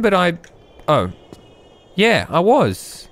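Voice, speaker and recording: A man with an Irish accent chatting casually while playing a retro game, cursing and shouting at it. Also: high voice, slow. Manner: sweary, excitable outbursts while playing. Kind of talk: casual gaming chat.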